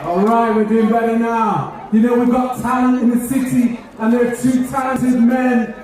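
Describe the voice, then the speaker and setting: A man's voice: extremely high pitch, steady tone, normal speed, few pauses. A man with an English accent hosting a live community event, coaxing the audience to join in and share stories. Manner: upbeat, coaxing, calls out to the audience. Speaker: event host. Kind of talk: live event compering, rallying a crowd. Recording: echoey, distant mic, loud music and crowd.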